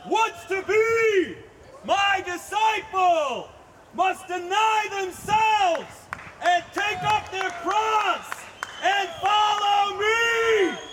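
A man proclaiming as a prophet calling out to a crowd, very high strained shouting, slow and drawn out, crowd and noise outdoors. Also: full character voice. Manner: shouting slowly over a crowd. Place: outdoors at a hillside site.

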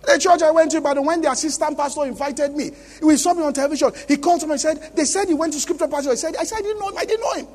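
A man's voice: extremely high pitch, very fast, few pauses, darkish tone, big-room sound. A Nigerian man preaching a sermon as pastor at a church conference, emphatic and often asking the congregation questions. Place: large church conference hall.

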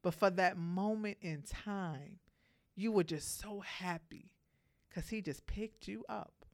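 A woman giving a motivational monologue to other women, speaking emphatically, telling animated stories and addressing her listeners directly. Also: medium pitch, takes it slowly.

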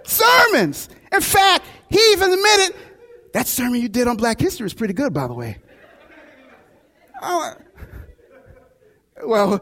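A man preaching with a notably high, very lively voice that leaps up and down as he tells his story. His words ring out with a long echo, as if spoken in a large church sanctuary. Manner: animated storytelling with shouts and laughs. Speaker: pastor. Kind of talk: sermon.

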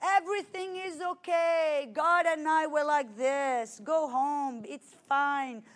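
A woman with a French accent acting out a carefree middle-aged brother who waves away worry, pitched up and loud. Told as a quoted moment in a sermon. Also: fairly even intonation, slow. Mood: breezy.

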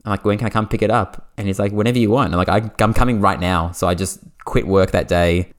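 An Australian man hosting a podcast, telling a story in casual chat, animated and full of "like" fillers. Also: on the low side. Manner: animated, fast anecdote with lots of "like" fillers. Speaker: podcast host.

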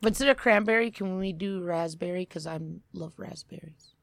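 A woman chatting as a podcast guest, keen and a little profane. Her voice sits on the low side for a woman. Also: normal speed, gravelly, no echo. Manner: enthusiastic, swears casually. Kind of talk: casual chat.

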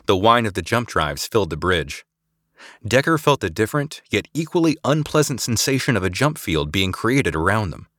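Low-voiced man narrating expressively. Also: expressive, normal speed, a bit bright, no room sound, clean studio sound. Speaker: audiobook narrator. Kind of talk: scripted narration.

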